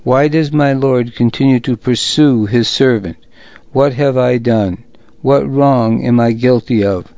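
A man's voice: medium pitch, dark tone, no echo, close to an everyday voice. A man reading a firm young warrior leader. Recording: dull, dry recording.

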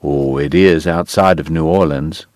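A male audiobook narrator voicing a sardonic, sickly gentleman with a genteel drawl and cutting wit. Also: extremely low pitch, unhurried, no room sound, pitched below the performer's own voice. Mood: genteel, wry. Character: sardonic consumptive Southern gentleman, a dentist. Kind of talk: audiobook character voice.

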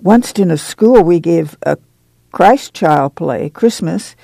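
A man's voice: on the high side, animated, takes it slowly, vocal fry, warm tone, no echo, heavily acted. A man voicing a fierce, pious, stocky older woman with a who scolds and preaches warnings. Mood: scolding.

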